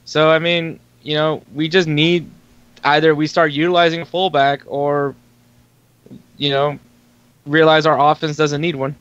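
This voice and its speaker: A male sports talk co-host who rambles and restarts, with a slightly higher voice. The sound is dry, with no room echo. The audio is dull and lo-fi. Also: level tone, unhurried, fairly bright tone, smooth. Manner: rambling, full of restarts and fillers.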